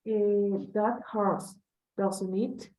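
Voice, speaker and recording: Slow, hesitant female student. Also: medium pitch, steady tone, dark tone. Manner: hesitant, reads slowly with fillers. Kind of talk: classroom reading.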